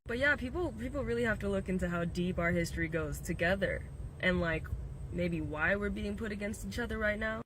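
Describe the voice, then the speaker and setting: A man's voice: high-pitched, fairly quick, fairly bright tone, slight background noise, poor audio. A man from southern China giving casual commentary, thoughtful and hesitant, with many fillers.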